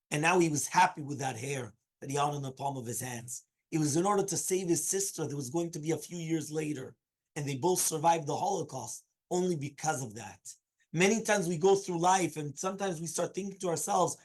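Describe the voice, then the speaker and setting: A man's voice: on the high side, fairly quick, low-quality recording. A man, a rabbi, giving a Torah lesson and telling a story in an earnest, repetitive way.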